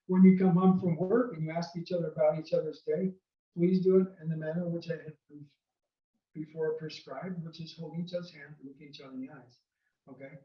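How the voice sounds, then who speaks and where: A man's voice: fairly high pitch, roomy sound, far from the mic, highs cut off. A man giving earnest, casual marriage advice from home, often checking in with "okay?". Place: home room near a window.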